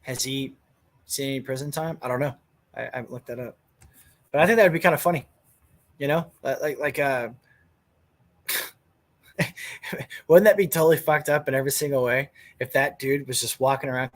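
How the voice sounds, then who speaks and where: A man's voice: mid-range voice, a little fast, long pauses. A man hosting a podcast, ranting bluntly and casually, swearing a lot. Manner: crude, blunt, swears freely. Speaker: podcast host. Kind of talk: casual opinion rant.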